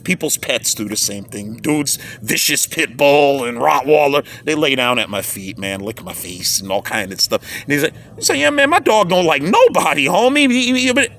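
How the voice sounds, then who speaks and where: Animated, emotional man with a bright voice. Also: moderate pace, few pauses. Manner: emotional, rambling, repeats words and says "man" often; swings between loud excited bursts and quiet low asides. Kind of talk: casual personal monologue.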